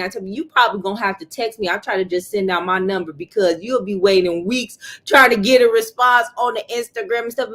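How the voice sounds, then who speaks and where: A woman's voice: on the high side, fairly bright tone. Easygoing woman host in her thirties. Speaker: podcast host. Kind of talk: casual conversational interview.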